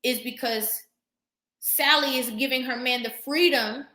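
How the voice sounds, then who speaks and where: A woman's voice: sits high, sharp tone. Preachy woman streaming live in an echoey room. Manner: preachy and emphatic, pausing to thank viewers for comments. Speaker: vlogger hosting a live stream. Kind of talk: impassioned live-stream talk. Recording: roomy echo.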